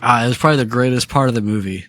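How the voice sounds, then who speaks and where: A man's voice: mid-range voice, rapid-fire, a bit bright, dry recording, studio quality. A man co-hosting a podcast in casual, profane chat, laughing often and acting out movie scenes. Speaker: podcast co-host.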